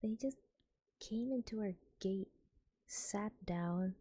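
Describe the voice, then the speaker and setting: A young woman streamer, softly whispering and giggling as she chats to her viewers in an ASMR stream. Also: mid-range voice, slow, slightly rough.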